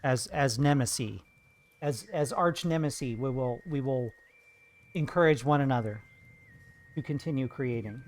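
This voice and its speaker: A man's voice: mid-range voice, moderate pace, pauses often, a little hiss or hum. A man streaming live while he paints, chatting with viewers in a playful, jokey way. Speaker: art streamer.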